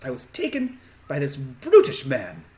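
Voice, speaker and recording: A man's voice: mid-range voice, wildly swooping pitch, a little slow, heavy background noise. A man voicing a haughty, demanding ten-year-old girl in a tabletop game. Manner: demanding, snippy.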